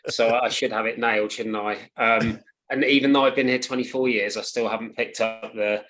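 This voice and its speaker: A man in his forties with an English accent, chatting as an interview guest and pausing often on ums and tag questions. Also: medium pitch. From England. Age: 40s. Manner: relaxed, hesitant, with frequent ums and tag questions. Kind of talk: casual interview chat.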